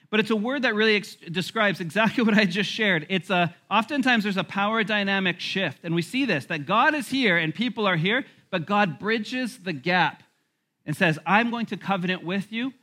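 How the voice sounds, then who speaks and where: A male pastor giving a lively sermon, with laughs and quick asides. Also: high-pitched. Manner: animated preaching with laughs and asides.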